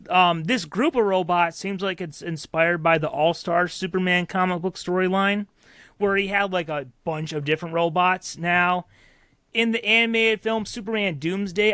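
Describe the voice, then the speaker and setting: A man's voice: sits high, a bit bright, no echo, clean studio sound. A man co-hosting a podcast, talking casually and rambling with fillers and restarts. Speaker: podcast co-host. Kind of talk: casual chat.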